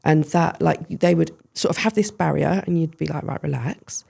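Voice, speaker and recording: A woman's voice: deep voice, normal speed, vocal fry, a little mellow, slightly rough. A woman hosting a podcast, affirming her guest and explaining with hesitant restarts. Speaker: podcast host. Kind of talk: casual podcast conversation.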